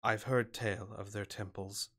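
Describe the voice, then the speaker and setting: A man's voice: on the low side, steady tone. A man voicing a weary solemn cleric. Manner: slow, grave, quiet. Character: weary, solemn male cleric, middle-aged.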